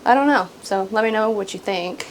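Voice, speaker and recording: A woman chats through a relaxed houseplant show-and-tell from her home, her talk loose and rambling with plenty of "um"s and little laughs. Her voice sits at an ordinary middle pitch, and a faint hiss runs underneath as she sometimes moves away from the camera. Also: brisk, rough recording. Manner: rambling and chatty, frequent "um"s and soft laughs. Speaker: houseplant channel host. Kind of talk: casual show-and-tell chat. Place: at home among houseplants, indoors. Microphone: camera she sometimes walks away from.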